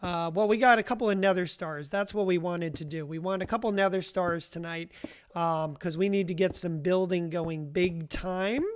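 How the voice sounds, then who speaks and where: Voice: medium pitch, steady tone, moderate pace, dry recording, clean studio sound. Live-stream gamer, casual running commentary, talks to chat directly, laughs a lot. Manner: chatty, talks to chat viewers by name; rambling with frequent restarts and self-amused laughs. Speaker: livestreamer.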